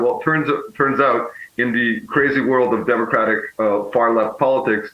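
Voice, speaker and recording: Low-voiced male pundit on an echoey line. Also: steady tone. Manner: measured, frequently self-correcting. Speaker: political strategist guest. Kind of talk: remote guest commentary. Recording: echoey, muffled remote feed.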